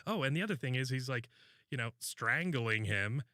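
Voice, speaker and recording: Male podcast co-host, bright voice, meandering and profane, dry studio sound. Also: mid-range voice, animated, normal speed, no room sound. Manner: rambling, loose, swears often. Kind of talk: casual podcast chat.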